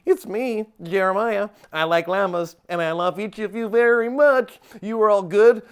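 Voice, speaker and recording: Brief: man imitating a sincere, gentle coworker, soft encouraging delivery. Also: sits high, normal speed, smooth, natural voice. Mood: earnest. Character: gentle, earnest man doing an impression of a colleague.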